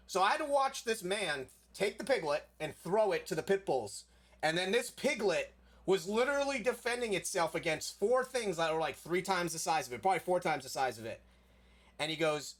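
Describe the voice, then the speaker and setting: Young guy from south florida just rambling through a story, tons of "like", slightly higher voice. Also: very animated, normal speed, fairly bright tone. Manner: rambling, heavy on filler "like", swears casually. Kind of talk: casual storytelling chat.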